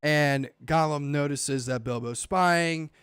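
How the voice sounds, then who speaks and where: Male podcast host, casual and profane, slightly high voice. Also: slow pace, clean tone, no room sound, clean studio sound. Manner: animated, swearing, acts out movie lines. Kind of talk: casual chat.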